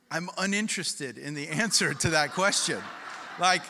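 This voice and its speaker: A man's voice: high voice, expressive, normal speed, pushed and bright, big-room sound. A male pastor preaching a sermon in a conversational way, asking the congregation questions and reading scripture aloud.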